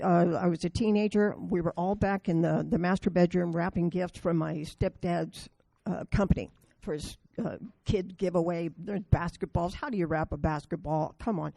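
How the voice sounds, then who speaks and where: Woman, meeting speaker: mellow, raspy, blunt storyteller. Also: lowish voice, dry recording. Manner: blunt, storytelling, self-deprecating. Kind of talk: recovery meeting talk with stories.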